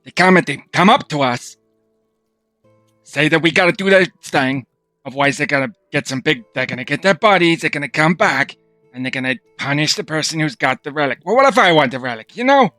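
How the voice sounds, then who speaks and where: A man's voice: a little high, animated, fairly quick, bright, forceful tone, no echo, faint music behind. A man playing a tabletop game, talking loosely and casually in character. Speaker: player voicing Withers.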